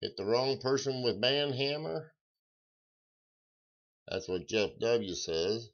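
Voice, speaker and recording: A man's voice: medium pitch, lively intonation, slow. A man chatting casually on a live stream, drawling and folksy as he answers viewers' comments. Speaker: live-stream coin seller. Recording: dull lo-fi stream audio.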